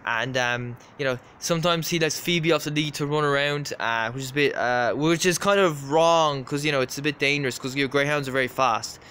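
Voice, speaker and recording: An Irish man spins a casual, rambling story, circling back on himself and leaning on fillers. His voice sits a bit high for a man, with faint background noise behind him. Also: fairly quick, hardly any pauses, pushed and bright. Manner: rambling, repetitive, many fillers. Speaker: vlogger.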